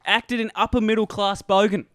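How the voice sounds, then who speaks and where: A man's voice: high voice, flat delivery, moderate pace, fairly bright tone, dry recording, clean studio sound. A young man hosting a podcast, teasing his guest, laughing often and repeating phrases. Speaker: podcast host. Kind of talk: casual interview chat.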